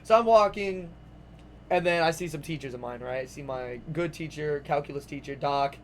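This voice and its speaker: A young man telling a long casual story to his vlog audience, rambling and animated, full of "like"s and swearing. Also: on the high side, normal speed, a little hiss or hum. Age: young adult. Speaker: vlogger.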